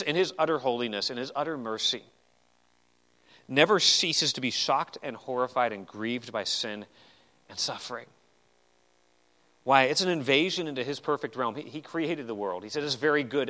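A man preaching a sermon in an earnest style, swinging between loud, emphatic lines and quiet ones, and repeating words as he restarts. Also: mid-range voice, moderate pace. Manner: earnest preaching with sweeping rises and drops in loudness. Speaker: pastor.

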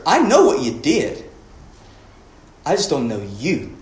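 Pastor guy preaching, kinda high voice, big emphatic swings then goes quiet, echoey church. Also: huge pitch swings, measured pace, long pauses. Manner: preaching with rising emphatic peaks and quiet drops. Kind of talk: sermon.

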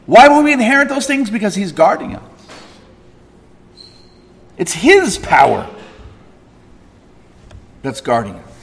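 A man preaching a sermon, swinging from loud emphatic peaks to soft quiet asides. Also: high-pitched, huge pitch swings, unhurried, pauses often, long reverb tail. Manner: frequent fillers and restarts in asides. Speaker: pastor.

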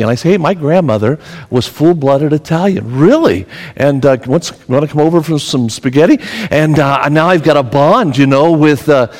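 A man's voice: on the high side, a little mellow. A man preaching a sermon as pastor, telling stories and rising to emphatic exhortation. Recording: long hall reverb.

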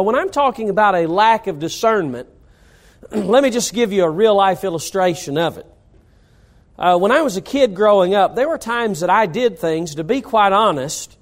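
A middle-aged man from North Carolina, a pastor preaching a sermon with rising emphasis. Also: sits high.

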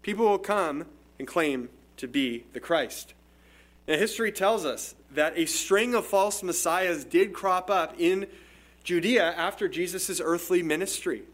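A man's voice: high voice, measured pace, fairly bright tone. Man preaching a conversational sermon. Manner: conversational, explanatory, with frequent restarts. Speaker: pastor. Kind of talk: expository sermon.

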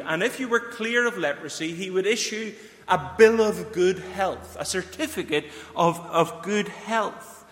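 A man's voice: sits high, fairly bright tone. A man preaching a sermon, earnestly putting questions straight to his listeners. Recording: long hall reverb.

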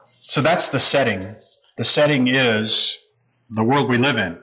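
A man's voice: medium pitch, unhurried, pushed and bright, low-quality recording. A man preaching a sermon, explaining scripture in a conversational, teaching manner. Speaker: pastor.

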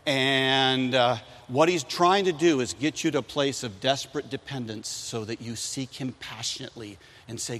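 A man preaching a sermon to young people, animated and telling stories that he acts out in loud voices. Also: medium pitch, normal speed, hardly any pauses, in a large hall, slight background noise.

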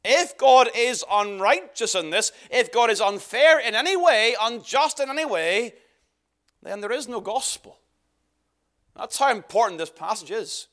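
A man's voice: very high voice, expressive, a little slow, a bit bright. A man preaching a sermon, emphatic and earnest, often repeating words for stress. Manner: emphatic, varied delivery with repeated phrases.

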